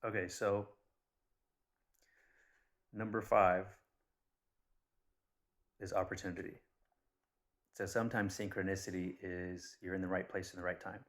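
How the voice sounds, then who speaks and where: Deep-voiced blunt man rambling. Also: unhurried, long pauses. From Persian background. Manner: blunt, swears, animated retellings. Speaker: vlogger. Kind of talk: casual rambling monologue.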